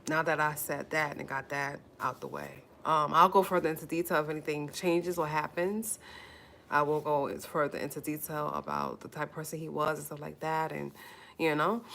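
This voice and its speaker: A woman's voice: deep voice, creaky, fairly bright tone. A woman hosting a casual livestream, speaking to her viewers in an earnest, emotional way, repeating phrases and holding back tears. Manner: earnest, pleading, conversational. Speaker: YouTube livestream host.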